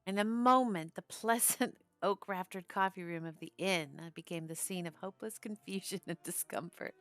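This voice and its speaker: A woman narrating a classic novel as an audiobook in a measured storytelling manner. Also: lowish voice, no echo, soft background music.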